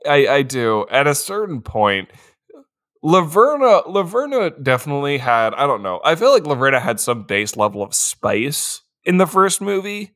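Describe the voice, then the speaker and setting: A man co-hosting a podcast, joking loudly, laughing often and acting out silly voices. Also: a little high, normal speed. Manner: animated, laughs a lot, does silly voices. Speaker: podcast co-host. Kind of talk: casual comedic chat.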